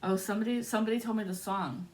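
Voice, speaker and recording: Talking very fast in a medium-pitched, fairly even voice, a woman gives a spiritual tarot reading to the camera. She rambles and muses as she goes, frequently breaking into laughter.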